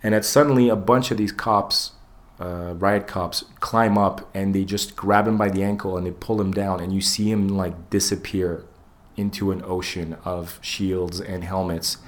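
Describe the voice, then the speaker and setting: Speaking at normal speed in a low voice, a man on a casual podcast he co-hosts shares a story packed with swearing. He tells it animatedly, acting out each quoted voice.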